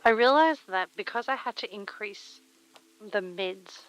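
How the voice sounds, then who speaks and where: A woman's voice: medium pitch, lively intonation, measured pace, fairly bright tone, clean tone, no room sound, poor audio. A woman streamer chatting casually while she crafts, murmuring to herself and reading chat aloud on a very sensitive close mic.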